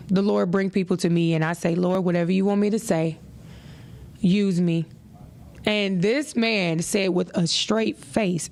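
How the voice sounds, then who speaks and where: A woman's voice: on the low side, darkish tone. A woman hosting a podcast who gives relationship advice in a casual monologue. She talks in a preachy, emphatic way, repeats her points and uses plenty of "you know". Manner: conversational, peppered with "you know". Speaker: podcast host.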